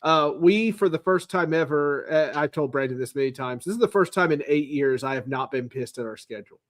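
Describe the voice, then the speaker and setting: A man's voice: fairly high pitch, a little fast, no echo. A man hosting a sports podcast, chatting casually with playful, joking banter. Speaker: podcast host.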